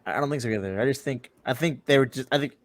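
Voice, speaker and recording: A man's voice: medium pitch, racing. A man co-hosting a podcast in casual chat, steering the topics. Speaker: podcast co-host.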